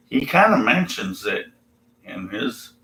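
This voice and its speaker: A man's voice: fairly low pitch, sing-song, takes it slowly, gravelly, pushed and bright, reverberant, low-quality recording. A man ranting sarcastically and profanely while reading scripture aloud. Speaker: atheist video commentator.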